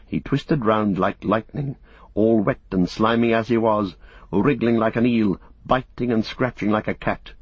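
A man steadily narrating an audiobook in a measured storytelling manner. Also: on the low side, slightly rough, no room sound. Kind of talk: scripted narration. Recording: dull, muffled recording.

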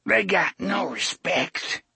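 A man's voice: high-pitched, expressive, takes it slowly, creaky, bright, forceful tone, husky, no echo, voice pushed up, exaggerated voice. A man voicing a drunken, beaten old barfly who whines and cackles as he begs for a drink. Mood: wheedling. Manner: cackling, whining, pleading.

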